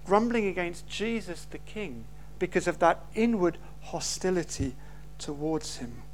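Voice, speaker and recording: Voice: medium pitch, lively intonation, a little slow, slight background noise. A preacher delivers a sermon in an emphatic way. The speaker builds each point with rhetorical questions and stresses key words.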